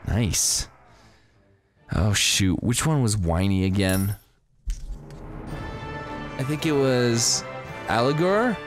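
A man giving excitable, exclamation-filled commentary while playing a video game. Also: medium pitch, slow, long pauses. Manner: animated, exclaims often. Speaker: gaming video host. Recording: game music behind voice.

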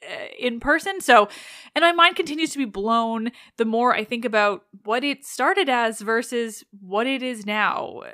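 A woman's voice: on the high side, a bit bright, dry recording. Chatty woman podcast host, dry close sound. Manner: enthusiastic, ranting, swears casually. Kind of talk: casual podcast chat.

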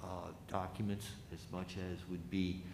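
A man on a city review commission putting formal, deliberate questions to an applicant. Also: low-pitched, flat delivery. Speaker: commission member. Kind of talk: public meeting questioning. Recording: echoey room with faint hiss.

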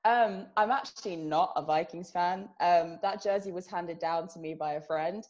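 A woman's voice: lowish voice, moderate pace, a little mellow. A young woman from England with a British accent, chatting as a podcast guest and laughing often between her sentences. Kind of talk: casual interview chat. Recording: muffled lo-fi audio.

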